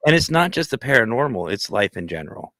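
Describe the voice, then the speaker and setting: A man hosting a casual livestream chat, talking earnestly and giving advice in a steady lecturing way. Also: medium pitch, quick pace, no echo. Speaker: podcast host.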